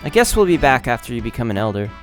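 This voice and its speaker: A man's voice: mid-range voice, sing-song, racing, soft background music, lightly acted. A man putting on a drawling folksy village woman.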